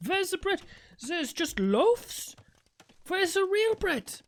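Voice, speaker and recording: A man doing shrill, fuming German bread shoppers. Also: big pitch swings, takes it slowly, exaggerated voice. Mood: outraged. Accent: mock German. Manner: shrill, indignant shouting.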